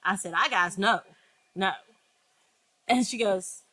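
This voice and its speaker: A woman's voice: on the low side, normal speed. A woman co-hosting a casual chat, telling a story with many restarts and acting out what people said. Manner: animated storyteller, acts out quotes, many restarts. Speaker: podcast co-host.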